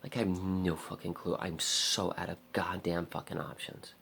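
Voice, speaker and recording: A man's voice: low-pitched, flat delivery, normal speed, creaky, a bit bright, slight background noise. A young man in a raw personal vlog, rambling and swearing in frustration. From America. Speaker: vlogger.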